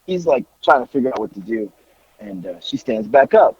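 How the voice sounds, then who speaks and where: A man's voice: medium pitch, animated, moderate pace, husky. A man on a podcast telling a story casually, swearing freely and laughing through it. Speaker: podcast co-host. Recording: dry, slightly dull recording.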